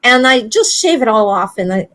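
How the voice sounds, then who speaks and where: Speaking at a normal speed, this high-pitched woman keeps things casual on her livestream. Her stories are lively, she performs bits of conversation, and her laughter comes often.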